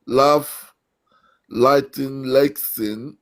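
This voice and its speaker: A man's voice: mid-range voice, steady tone, fairly bright tone. A man on a live call who laughs as he stumbles through a tongue twister. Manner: laughing, halting, stumbling over words. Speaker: guest trying a tongue twister. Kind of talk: casual live-stream chat.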